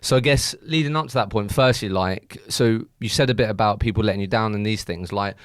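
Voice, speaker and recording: A low-voiced man hosts a podcast in a loose, informal way, often swearing. His questions wander and restart before they land. The recording is close and dry. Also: brisk, no room sound. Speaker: podcast host. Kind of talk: casual interview chat.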